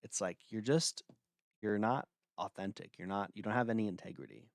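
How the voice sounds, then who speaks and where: Blunt low-voiced man ranting. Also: moderate pace, dry recording, clean studio sound. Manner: blunt and dismissive, with filler words. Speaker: livestream host. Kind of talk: casual ranting livestream.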